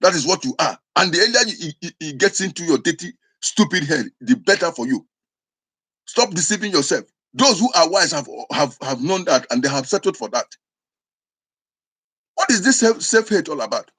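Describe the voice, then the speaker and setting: A man's voice: on the high side, very animated, moderate pace, fairly bright tone, husky. A man with an Igbo accent, a traditional spiritual teacher preaching in a scolding, insistent way, often restarting his words. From southeastern Nigeria. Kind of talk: impassioned preaching to camera.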